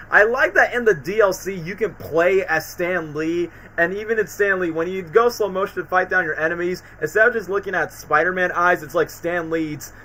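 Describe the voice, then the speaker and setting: A man's voice: sits high, pushed and bright, a little hiss or hum, rough recording. A man hosting a casual live stream, rambling through his thoughts with lots of fillers and restarts. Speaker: streamer host.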